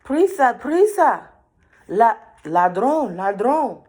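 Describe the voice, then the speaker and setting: High, bright little voices of storybook birds, as a woman puts them on, chanting the same warning again and again with lots of up-and-down urgency. They sound loud and pushed compared to the reader's own talk. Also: very animated, slow, slightly rough, exaggerated voice. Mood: urgent warning. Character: chattering flock of warning birds.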